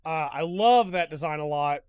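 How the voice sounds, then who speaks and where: Emotional high-voiced male reviewer. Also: moderate pace, a little mellow, clear, resonant tone, no room sound. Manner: enthusiastic, openly emotional fan retelling. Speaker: host. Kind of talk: casual review monologue.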